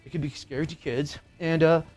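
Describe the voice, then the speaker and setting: A man's voice: on the high side, steady tone, brisk, over music. A middle-aged man co-hosting a casual talk show, telling a personal ghost story in a rambling, profane way with lots of filler words. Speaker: podcast co-host.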